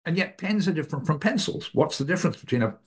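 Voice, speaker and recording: An older man, a philosopher and author, explaining ideas in an interview in a thoughtful, halting way with frequent restarts. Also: a little high, expressive. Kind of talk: academic interview answers.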